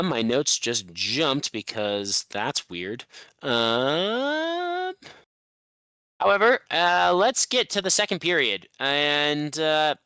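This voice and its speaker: A man co-hosting a casual sports podcast, recapping a game in animated rants with some swearing. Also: mid-range voice, clean tone, no echo. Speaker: podcast co-host.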